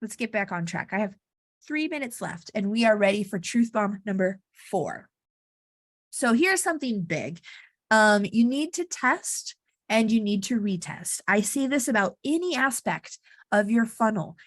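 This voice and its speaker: A woman's voice: medium pitch, expressive, a little slow, dry recording, clean studio sound. A woman giving casual marketing advice to camera, chatty and blunt, with frequent asides. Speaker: marketing coach. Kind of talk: casual talking-head vlog advice.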